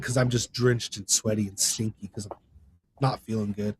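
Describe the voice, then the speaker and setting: A man's voice: on the low side, fairly even intonation, normal speed, a little hiss or hum. Man rambling through a personal story. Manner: rambling, conversational, with many fillers and restarts; voice rises sharply when reenacting others. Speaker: podcast guest, gaming content creator. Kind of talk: casual storytelling.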